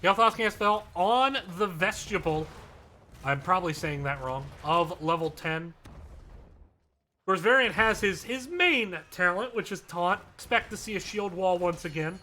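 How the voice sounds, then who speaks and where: Male esports caster calling a live match; high, bright and brisk, with chatty asides. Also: expressive, slight background noise. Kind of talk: live play-by-play commentary.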